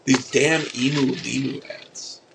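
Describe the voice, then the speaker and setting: A man co-hosting a podcast in casual chat, telling rambling stories with deadpan asides. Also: medium pitch, slow, gravelly, background noise. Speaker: podcast co-host.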